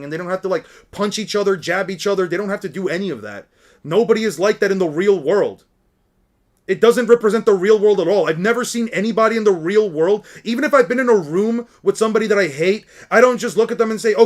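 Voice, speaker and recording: A man reading comic dialogue aloud in a flat monotone, then breaking into loud, sweary rants in a casual way. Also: high-pitched. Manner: casual, fillers like "man" and "dude". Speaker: manga reader and reviewer. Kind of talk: reading manga aloud with reaction commentary.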